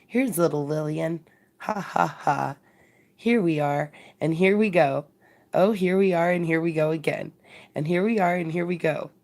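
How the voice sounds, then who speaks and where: A woman's voice: low-pitched, unhurried, a little mellow. A woman reading the lines of a jolly elderly male porter, a fond father beside himself with joy. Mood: joyful. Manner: hearty, fond exclamations.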